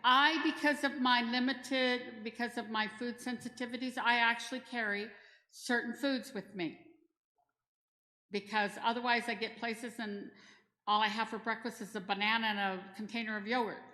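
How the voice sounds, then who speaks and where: This middle-aged disaster response trainer speaks in a high-leaning, pushed and bright voice with a steady tone at a moderate pace. Her practical, chatty talk in a church hall weaves in personal stories, and the hall echoes with long reverb.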